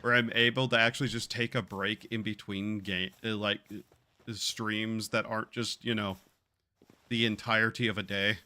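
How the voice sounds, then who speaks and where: A man's voice: fairly low pitch, little pitch movement, normal speed, sharp tone. A man streaming a game, talking in a drawling, meandering way with sighs and casual swearing. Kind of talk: casual gaming stream chat.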